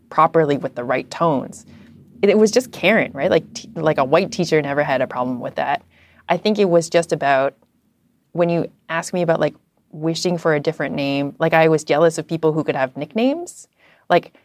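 Chatty low-voiced woman, dry sound. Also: dry recording. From Canada. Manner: chatty, animated storytelling with many fillers. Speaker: guest, journalist. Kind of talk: casual interview chat.

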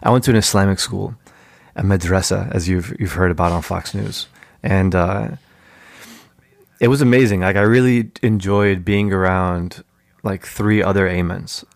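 A man's voice: low-pitched, steady tone, normal speed, gravelly, no echo. A man telling casual, jokey stories as a podcast guest, in a laid-back way. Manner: laid-back, jokey, mimics voices in anecdotes. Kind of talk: casual storytelling.

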